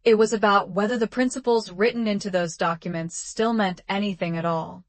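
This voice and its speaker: A woman narrating a first-person drama story in a calm, measured, even way. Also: medium pitch, no echo.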